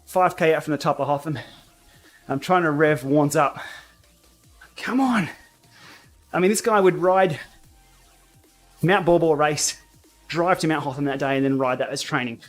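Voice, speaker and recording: A man hosting a casual cycling livestream from his home training room, blunt and outspoken, quick to laugh. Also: on the high side, fairly bright tone. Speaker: cycling YouTuber and livestream host. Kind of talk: casual livestream chat while riding.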